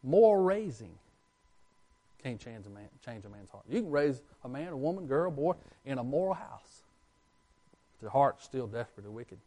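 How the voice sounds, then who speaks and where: A man's voice: medium pitch, big pitch swings, normal speed, warm tone. A man preaching a Bible sermon with emphatic delivery, asking the congregation questions and answering them himself. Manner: emphatic, rising and falling, asks the congregation questions.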